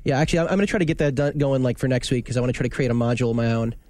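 A man's voice: medium pitch, rapid-fire, a little mellow, dry recording. A man co-hosting a casual gaming podcast, eager and chatty. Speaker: podcast co-host. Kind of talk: casual chat.

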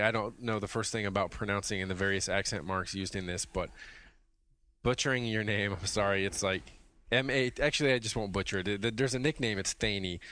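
A man's voice: on the low side, bright, forceful tone. A man hosting a casual podcast, rambling and laughing as he tells stories and trails off mid-sentence. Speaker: podcast host.

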